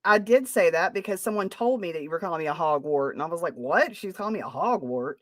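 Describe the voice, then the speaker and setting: A woman's voice: fairly low pitch, expressive, fast, dry recording, clean studio sound. A woman hosting a podcast, talking casually in a sarcastic, defensive way. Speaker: podcast host. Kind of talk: casual chat.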